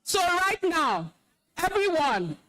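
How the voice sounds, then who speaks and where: Woman, Nigerian accent, young adult, high voice, very animated pitch, stern scolding, emotional, commanding school talk. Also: slow pace. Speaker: alumna speaker at school event. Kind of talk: stern address to students.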